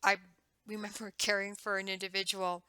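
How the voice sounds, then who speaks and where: Woman teaching a class, bright crisp voice, dry close sound, talks it through like a chat. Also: mid-range voice, level tone, fairly quick, no room sound, poor audio. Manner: conversational, acts out questions to patients. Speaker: nursing instructor. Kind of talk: recorded lecture.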